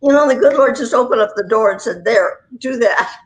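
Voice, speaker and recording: A woman in her nineties chats as an interview guest, spinning rambling anecdotes with a wry, self-deprecating humor. Her voice sits a little on the high side. She is a voice performer swapping show-business stories. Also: quick pace, poor audio. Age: 90s. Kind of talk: chatty storytelling interview.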